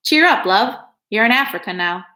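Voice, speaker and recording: A woman's voice: on the high side, lively intonation, normal speed, sharp tone. A woman voicing a friendly bald man who is chummy and reassuring, in a storybook reading. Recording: echoey room.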